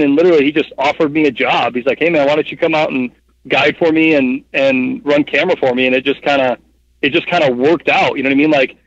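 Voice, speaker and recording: A man's voice: on the high side, no echo. Chatty thirties man, dry muffled sound. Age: 30s. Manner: rambling, filler-heavy, animated retelling. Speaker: guest. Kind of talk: casual storytelling interview. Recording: dull, muffled podcast audio.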